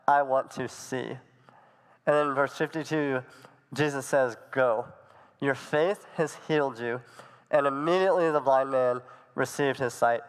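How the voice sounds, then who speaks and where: A man's voice: a little high, clear, resonant tone. Young man preaching in a reverberant hall. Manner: conversational, plain storytelling with fillers. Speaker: youth pastor. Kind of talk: sermon.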